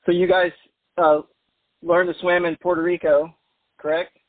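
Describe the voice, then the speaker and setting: A man's voice: high-pitched, flat delivery, normal speed, no room sound. A man interviewing two brothers, prompting them with hesitant, trailing questions. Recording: tinny phone-like dry sound.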